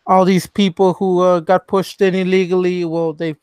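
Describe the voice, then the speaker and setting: Indignant man, high smooth voice, dry close sound. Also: flat delivery, a little mellow, no echo. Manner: halting, indignant. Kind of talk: casual political chat.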